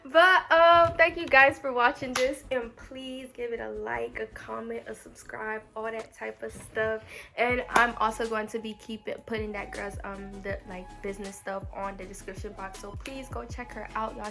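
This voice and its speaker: A young woman vlogger telling a story in a casual, animated way and acting out quotes. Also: a little high, normal speed, vocal fry, over music. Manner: animated retelling with acted quotes, African American English grammar.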